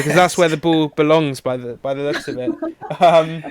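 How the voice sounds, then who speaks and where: A man's voice: on the high side, normal speed, smooth, no room sound. A man hosting a podcast, quizzing and teasing his guest in a joking way. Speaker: podcast host. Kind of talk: casual podcast quiz and banter.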